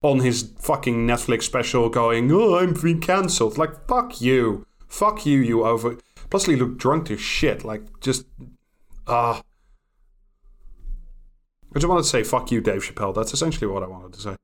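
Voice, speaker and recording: A blunt man rants in casual chat among friends, swearing freely as he talks. His pitch sits in the ordinary middle range for a man. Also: expressive, unhurried. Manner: blunt, ranting, heavy swearing.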